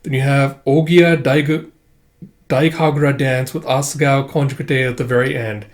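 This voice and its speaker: A man's voice: medium pitch, steady tone, moderate pace. A man hosting a casual manga read-through, rambling with lots of "uh" and "like" fillers. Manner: rambling with frequent "uh" and "like". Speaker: manga reading channel host.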